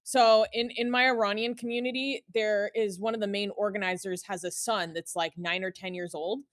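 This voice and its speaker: A woman's voice: medium pitch, fairly even intonation, moderate pace, no echo, studio quality. A young woman calling in, telling amused stories in a chatty, casual way full of fillers. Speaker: caller. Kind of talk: casual storytelling.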